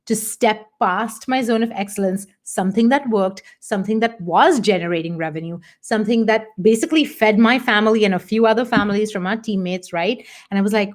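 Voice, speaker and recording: A middle-aged woman coach giving a candid motivational talk, earnest and animated, acting out her own past thoughts. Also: medium pitch, brisk, hardly any pauses. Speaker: business coach.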